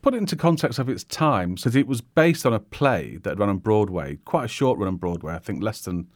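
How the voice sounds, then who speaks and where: A man's voice: lowish voice, animated, a little fast, no echo, studio quality. A man co-hosting a casual film review chat, easygoing and asking his partner questions. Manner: easygoing, asks questions, agrees often. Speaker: film podcast co-host.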